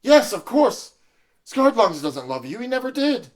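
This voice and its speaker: A man's voice: very high voice, big pitch swings, a little slow, heavily acted. A man improvising an earnest undercover cop who stammers and hesitates, in an audio comedy. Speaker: improv performer.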